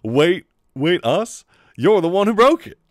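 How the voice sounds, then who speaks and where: A man's voice: medium pitch, big pitch swings, no echo, clean studio sound. A man voicing a brash teenage girl with a put-on Southern drawl in a read-aloud comic. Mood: indignant. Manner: loud, bossy, slow exaggerated drawl.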